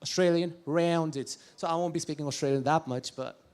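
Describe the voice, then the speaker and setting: Young indian guy on a stage mic, bit high voice, chatty and jokey with the crowd. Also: fairly even intonation, fast, darkish tone. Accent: Indian English. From Jammu and Kashmir, India. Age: young adult. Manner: playful, chatty, jokes with audience. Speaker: college student performer. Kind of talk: stage act doing accent impressions.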